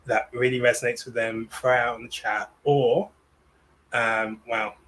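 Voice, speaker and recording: Man host, casual and self-mocking, bright voice, webcam audio. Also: mid-range voice, flat delivery, unhurried, poor audio. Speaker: improv host. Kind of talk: casual livestream chat.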